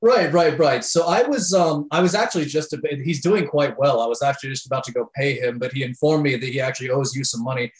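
A man playing a smooth-talking male adventurer in a tabletop game, breezy and offhand. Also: medium pitch, quick pace, hardly any pauses, natural voice, low-quality recording.

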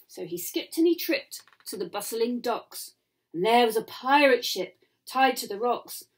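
A woman reading a rhyming picture book to children, with soft asides. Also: on the high side, lively intonation, unhurried.

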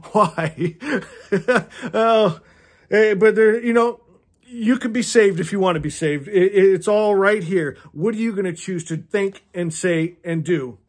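A man's voice: high voice, measured pace. A man in his fifties reading a novel aloud on his channel and breaking off for impassioned, preachy asides, chuckling often. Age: 50s. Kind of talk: earnest read-along commentary.

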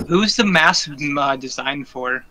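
A man's voice: fairly high pitch, expressive, slow, bright, forceful tone, poor audio. A young man playing a tabletop game, teasing and joking with the table. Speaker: player.

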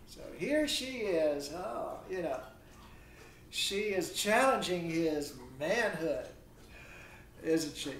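A man giving a recorded literature lecture, halting with many pauses and fillers, reading quoted verse with louder emphasis. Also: on the high side, animated. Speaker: literature instructor. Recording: roomy echo, distant mic, faint noise.

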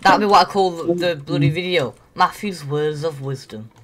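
A woman's voice: sits low, normal speed, crowd noise. A woman chatting and teasing a friend while playing a computer game. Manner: teasing, excitable, laughs often. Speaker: gaming video creator. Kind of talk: casual gaming banter. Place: indoors at a computer.

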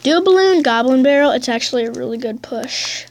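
A young woman giving casual commentary over a mobile game, excitable, jumping from squeals to quiet mutters. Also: a little fast, slight background noise. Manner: excitable, bursts into high squeals and drops to mutters. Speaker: gameplay commentator.

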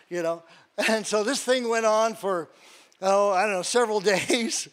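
An older man with a high voice preaches by telling his own story. He acts out the other people's lines and laughs along as he goes. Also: moderate pace, a bit bright, smooth. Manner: storytelling with acted-out quotes and laughs. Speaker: guest preacher. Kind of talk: sermon with personal testimony.

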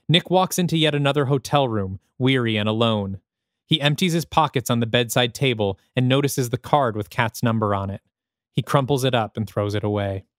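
A man's voice: medium pitch, dry recording, clean studio sound. A man, the host of a podcast, reading his own screenplay aloud with dramatic, descriptive present-tense narration.

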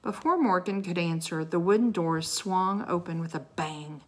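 A woman reading a children's chapter book aloud, slowly and clearly. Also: lowish voice, animated. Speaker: storybook reader. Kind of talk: slow read-aloud narration.

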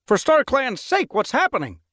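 A man's voice: sits high, animated, normal speed, dry recording, clean studio sound, voice pushed up. A man voicing a concerned male mentor cat in a storybook reading, calling out with urgency.

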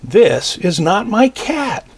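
A man voicing a little boy who is searching for his lost cat, with slow, drawn-out lines. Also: high voice, sing-song, creaky, slightly rough, pitched above the performer's own voice, heavily acted. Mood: pleading.

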